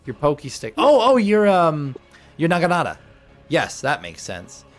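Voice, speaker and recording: A man runs a tabletop game as game master, and his voice sits a bit high. He swings up and down in pitch as he talks, chatty and animated, laughing often while he walks the players through rolls. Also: moderate pace, soft background music. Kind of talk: running a tabletop game over voice chat.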